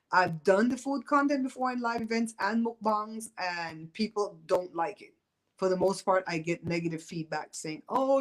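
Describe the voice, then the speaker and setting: On a home livestream, a Belizean host in her fifties talks casually with viewers, teasing them and sharing strong opinions in a relaxed way. Her pitch is fairly low, and the audio is poor.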